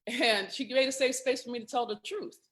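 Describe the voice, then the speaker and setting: A woman's voice: a little high, steady tone, brisk. A woman hosting a live video conversation, joking and emotional, her voice catching with feeling. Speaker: host.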